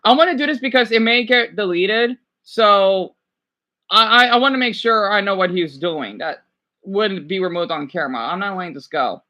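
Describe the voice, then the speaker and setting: Middle-aged man, livestream reaction, heated ranting, very animated, tense bright voice. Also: sits high, normal speed. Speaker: livestream host.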